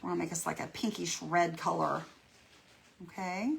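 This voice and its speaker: Gravelly, folksy woman. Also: on the low side, steady tone, normal speed, long pauses, slight background noise. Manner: chatty, folksy and encouraging. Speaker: craft tutorial host. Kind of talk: live painting demo chatting with viewers.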